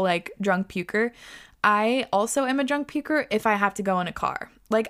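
A woman's voice: medium pitch, a bit bright. A young woman hosting a podcast, reading out listener stories and reacting in casual chat, laughing often and swearing freely.

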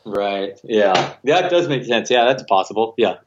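Low-voiced man on a muffled remote line. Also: animated, unhurried. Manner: easygoing, agreeable, with many short acknowledgements. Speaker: podcast co-host. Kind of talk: casual podcast chat.

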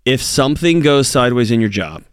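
A man's voice: mid-range voice, lively intonation, a little fast, smooth, no room sound, clean studio sound. A man co-hosting a call-in advice show, blunt and joking. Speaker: radio co-host.

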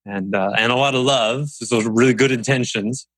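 A man talking casually on a podcast, animated and acting out quoted voices as he tells stories. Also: mid-range voice, normal speed, no room sound, poor audio. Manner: animated storyteller, acts out quotes. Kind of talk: casual conversational podcast talk.

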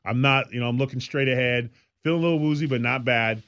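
A man's voice: medium pitch, fast talker, a bit bright, smooth, no echo. A man co-hosting a podcast, telling stories in a loose, rambling way with lots of fillers. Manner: rambling storyteller, many fillers. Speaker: podcast co-host. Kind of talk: casual chat.

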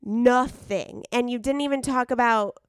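A woman's voice: fairly high pitch, a little fast, clear, resonant tone, no room sound, clean studio sound. A young woman co-hosting a podcast in casual chat, blunt and opinionated, swearing freely. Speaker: podcast co-host.

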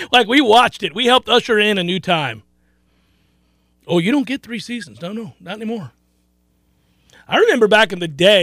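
A man's voice: sits high, fairly bright tone, no echo. A man hosting a sports talk radio show, talking casually and animatedly, laughing often and repeating his points.

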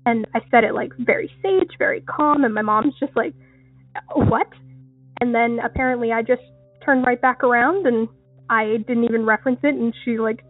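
A woman's voice: fairly high pitch, breathy edge, dry recording. A woman from Maine, calling in on a phone line and telling a family story in an earnest, chatty way with fillers. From Maine, USA. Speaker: caller. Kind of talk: voicemail story call. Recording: phone-line audio, faint music.

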